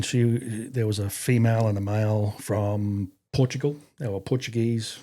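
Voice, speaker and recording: A man's voice: on the low side, fairly even intonation, moderate pace, warm tone. A man in his fifties with an Australian accent, an army veteran guest telling stories casually, rambling with fillers and casual swearing. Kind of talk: casual storytelling in an interview.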